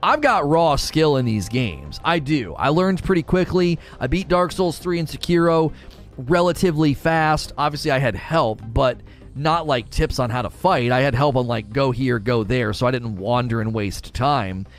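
A man chatting casually on a livestream, animated, ranting and laughing often. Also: medium pitch, normal speed, faint music behind. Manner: animated, rants and laughs a lot. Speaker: streamer.

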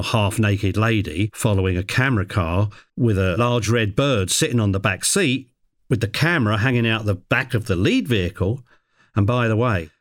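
A man with a fairly low voice tells a personal anecdote with dry, wry humour. The recording is close and dry, with no room sound. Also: no room sound. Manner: mimics a parrot in a high voice. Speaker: animal handler telling a story.

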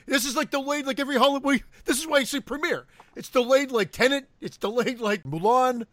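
A man co-hosting a podcast, bantering bluntly with swearing and quick comebacks. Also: extremely high pitch, fairly bright tone, no room sound. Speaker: podcast co-host. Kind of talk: casual banter.

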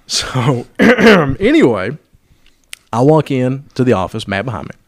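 A man's voice: medium pitch, sing-song, measured pace, no room sound, clean studio sound. A man hosting a podcast, telling a comic story in a profane, self-interrupting way. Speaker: podcast host.

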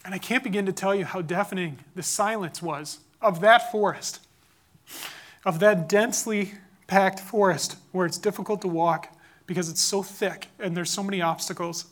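A man in his thirties telling a personal story, growing loud and urgent as it builds. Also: high voice.

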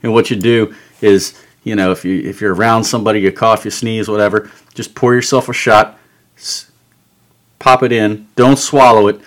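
A man's voice: fairly low pitch, fairly even intonation, moderate pace. Profane, ranting male podcast host. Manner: angry, sarcastic, swears constantly. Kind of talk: profane comedic rant. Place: home studio.

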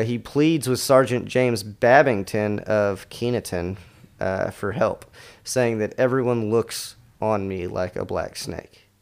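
Guy cohosting a podcast, reads his history notes out loud, lots of ums and restarts, mid pitch. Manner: halting, many fillers and restarts, reads notes aloud. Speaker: podcast co-host. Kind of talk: casual chat, reading history notes.

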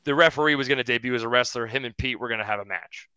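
A young man, a pro wrestler guest on a podcast, telling stories in an animated way, with lots of restarts and laughs. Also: medium pitch, racing, clean tone, no room sound. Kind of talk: casual podcast chat.

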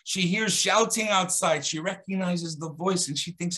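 Bright-voiced man telling a story. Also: moderate pace. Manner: dramatic, acts out dialogue with shifting pitch. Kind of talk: animated religious storytelling.

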